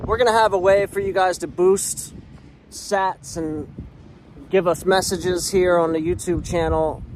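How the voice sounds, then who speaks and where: Slow-talking man outdoors in heavy wind noise. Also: high voice. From Philadelphia. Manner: relaxed, chatty, talks to horses between remarks. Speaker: co-founder and executive producer. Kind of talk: casual outdoor video update. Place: outdoors on a ranch beside horses.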